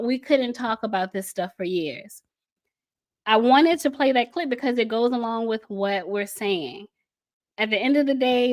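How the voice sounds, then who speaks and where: Woman host, casual commentary, impassioned and scornful, mid-pitched voice. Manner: impassioned, scornful, laughs often. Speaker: podcast host.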